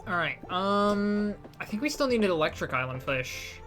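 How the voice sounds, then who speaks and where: A chatty game streamer with a slight British accent talks casually into a desk mic, answering chat and often restarting mid-sentence. The voice is bright and crisp at a middling pitch. Soft game music plays faintly in the background. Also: very animated, moderate pace. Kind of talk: casual live gameplay chat.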